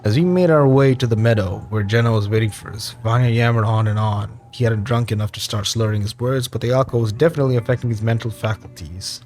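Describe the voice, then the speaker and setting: A gaming YouTuber reading a survival game's story text aloud, with quick asides to viewers. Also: male voice, lowish voice, a little mellow, soft background music.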